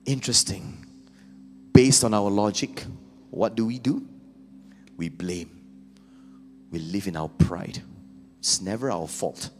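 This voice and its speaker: A man's voice: lowish voice, slow pace, pauses often, faint music behind. Earnest male pastor. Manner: earnest, reflective, rhetorical questions. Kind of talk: sermon with scripture reading.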